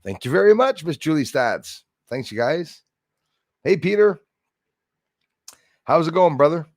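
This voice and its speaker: A man's voice: fairly high pitch, very animated, measured pace, dry recording, studio quality. A man hosting a casual live stream, greeting viewers by name and rambling with jokey asides. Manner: rambling with many fillers and restarts.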